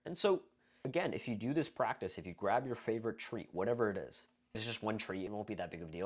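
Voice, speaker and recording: A man's voice: on the low side, lively intonation, quick pace. A young man giving a blunt, profane, casual self-improvement talk, full of fillers and rhetorical questions. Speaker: self-improvement video creator. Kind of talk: casual monologue to camera.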